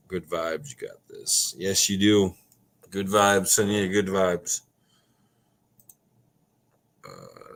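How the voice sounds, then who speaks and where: This Wisconsin livestream host has a low, creaky, slightly rough voice. In a casual live chat, he reads viewers' comments out loud, cracks jokes, and swears offhandedly while reminiscing.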